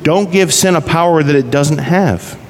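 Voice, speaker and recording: A man's voice: fairly high pitch, moderate pace. A pastor preaching a conversational sermon, asking his listeners rhetorical questions. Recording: reverberant hall, faint background noise.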